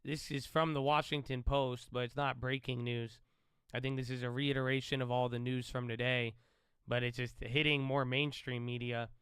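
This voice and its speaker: A man's voice: medium pitch, little pitch movement, normal speed, smooth, dry recording. A man hosting a live trading stream, giving loose, chatty market commentary and calling listeners bro. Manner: says he tends to sound loud and yelling.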